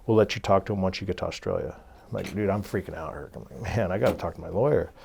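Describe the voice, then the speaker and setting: Gravelly-voiced man telling a story. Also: deep voice, fast talker, slight background noise. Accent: Californian. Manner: animated storyteller, acts out quoted voices, frequent "like" and "right?". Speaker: interview guest. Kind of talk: casual storytelling interview.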